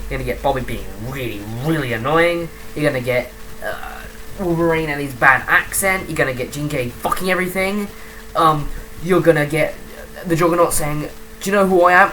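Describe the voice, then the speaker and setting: A woman's voice: low voice, fairly bright tone, slight background noise, rough recording. A woman giving a profane, rambling, mocking comedic film review.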